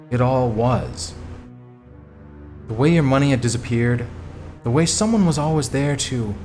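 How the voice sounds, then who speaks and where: A man's voice: medium pitch, darkish tone. A man streaming himself reading a text adventure game aloud, chatty, with casual asides. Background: faint background music.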